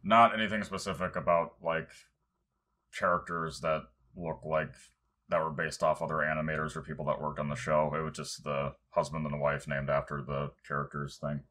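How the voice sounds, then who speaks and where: A man's voice: very deep voice, level tone, moderate pace, bright, forceful tone, slight background noise. A man co-hosting a podcast in casual chat, giving brief, laid-back replies. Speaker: podcast co-host.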